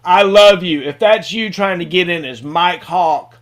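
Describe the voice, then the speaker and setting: High-pitched man, video-call host, rambling and repetitive. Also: unhurried. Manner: rambling, repeats words, warm thanks. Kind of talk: casual video-call chat.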